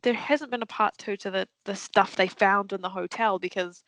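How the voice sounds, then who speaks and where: Animated woman telling stories in a dry room. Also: medium pitch, moderate pace, dry recording, low-quality recording. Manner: animated storytelling, acts out quotes, swears freely. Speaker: podcast co-host. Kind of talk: casual chat.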